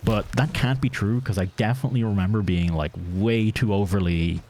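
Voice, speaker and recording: A man streaming a video game, giving casual commentary in a dry, flat-sounding way. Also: on the low side, a little fast, a little hiss or hum. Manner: self-described monotone, dry and offhand. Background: game music.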